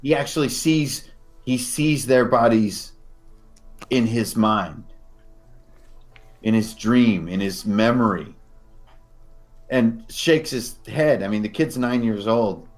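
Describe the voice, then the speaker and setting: A man as game master, narrating scenes descriptively and slowing down for dramatic moments. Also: mid-range voice, faint music behind.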